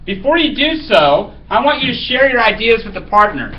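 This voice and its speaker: A man's voice: very high-pitched, sing-song, moderate pace, breathy edge, dull audio. A male teacher reading a story aloud to his class, then giving casual directions for a writing task.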